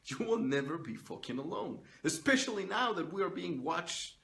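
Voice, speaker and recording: This vlogger's voice sits high, gravelly yet fairly bright, with lively intonation at a moderate pace. Filming himself on a phone or camera, he gives a profane, no-nonsense motivational rant telling viewers to stand on their own feet.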